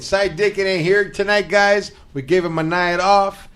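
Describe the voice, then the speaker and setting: A man's voice: sits high, fairly even intonation, moderate pace, clean tone. Rowdy, joking male podcast host. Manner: hyped, joking, loud announcer bursts; swears freely, slangy. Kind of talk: casual podcast chat. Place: podcast studio.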